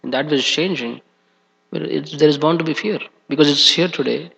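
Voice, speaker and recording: A man's voice: a little high, fairly even intonation, a little fast, vocal fry, fairly bright tone, breathy edge. A man giving a scripture class in a temple hall, talking hesitantly with many fillers. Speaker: class speaker. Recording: dull echoey hall recording.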